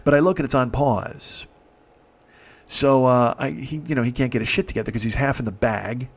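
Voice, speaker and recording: A man's voice: medium pitch, fairly even intonation, normal speed. Brief: comedian in his 40s, profane rambling storyteller, middle-range voice. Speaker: comedian host. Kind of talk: comic storytelling monologue.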